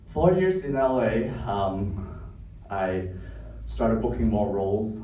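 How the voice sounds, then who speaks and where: A man's voice: lowish voice, big pitch swings, slow, warm tone, slight background noise. A man from Hong Kong, Cantonese his first language, with a Hong Kong accent, telling a wry, self-mocking story live on stage. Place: club stage before an audience. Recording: echoey stage sound from a distance.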